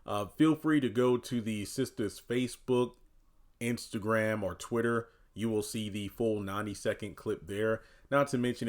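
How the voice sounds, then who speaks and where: A man giving casual commentary on a TV episode, talking loosely with lots of "you know" and "uh". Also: lowish voice. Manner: animated voicing of quoted characters. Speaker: TV recap commentator.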